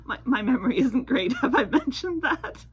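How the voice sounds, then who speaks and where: A woman's voice: sits high, very animated, moderate pace, breathy edge, low-quality recording. A woman co-hosting a casual podcast, easygoing and steering the chat along. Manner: easygoing, wraps up and steers the talk. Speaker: podcast co-host.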